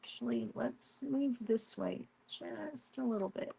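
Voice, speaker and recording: A woman's voice: on the high side, unhurried, gravelly, a little hiss or hum. A woman hosting a crafting live stream, chatting casually and telling stories while she works. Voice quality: chatty storyteller, animated retelling with quoted voices.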